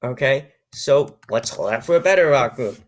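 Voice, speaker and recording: A man's voice: mid-range voice, lively intonation, moderate pace. A young man hosting a comedy reading, stumbling over odd lines and reacting with disbelief. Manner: incredulous, stumbling over bizarre text. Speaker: YouTuber.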